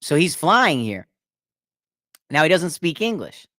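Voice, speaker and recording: A man's voice: fairly high pitch, big pitch swings, unhurried, bright, forceful tone, dry recording, studio quality. A man hosting a podcast, telling a long rambling story in casual chat and laughing at his own jokes. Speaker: podcast host.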